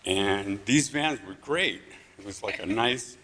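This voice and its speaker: A man telling a story on stage at a live story slam, in a dry, understated, deadpan way. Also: fairly low pitch, a little slow, slight background noise.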